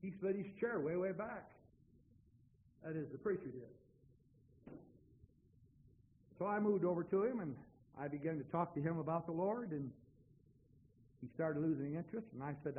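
A man's voice: fairly high pitch, moderate pace, pauses often, a little hiss or hum. A man preaching a sermon, telling a story in a dramatic way and acting out both sides of a conversation. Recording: tinny phone-like sound.

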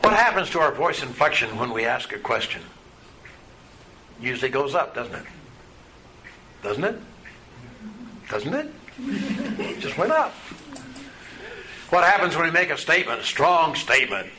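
A man's voice: a little high, lively intonation, moderate pace, long pauses, bright, forceful tone. A man teaching a Bible study class, asking his students questions in a patient, folksy way. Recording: noisy room recording.

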